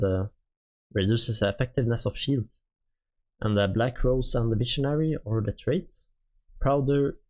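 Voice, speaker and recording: A man with a Swedish accent, a native Swedish speaker, streaming and reading through game units in a halting, casual way with many fillers. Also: medium pitch.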